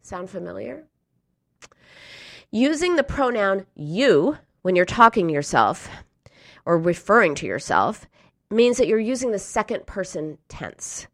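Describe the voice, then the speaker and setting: A woman speaks in an earnest, encouraging coaching talk, her pitch rising and falling a lot as she goes. She sometimes slips into a harsh inner voice. The sound is dry and close, with no room around it. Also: big pitch swings, measured pace, fairly bright tone, no room sound. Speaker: speaker on emotional eating.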